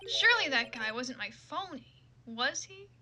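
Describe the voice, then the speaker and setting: A woman's voice: high voice, expressive, normal speed, sharp tone, a little hiss or hum, voice pushed down, exaggerated voice. A woman voicing an earnest young male defense lawyer, flustered and polite.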